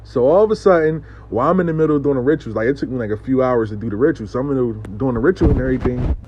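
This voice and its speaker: A man talks through a story in a loose, profane, conversational way, voicing the people in it as he goes. His pitch sits in the middle range, and the recording sounds dull and lo-fi. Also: very fast, noisy background. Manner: profane, conversational, acts out dialogue. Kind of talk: casual storytime monologue.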